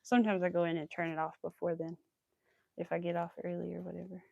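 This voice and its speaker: Chatty Southern woman with a gravelly edge. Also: fairly low pitch, little pitch movement, fast talker, darkish tone, no room sound, dull audio. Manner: chatty, rambling, laughs often, talks to her dog. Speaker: crochet livestreamer. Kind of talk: casual chat while crocheting on a livestream.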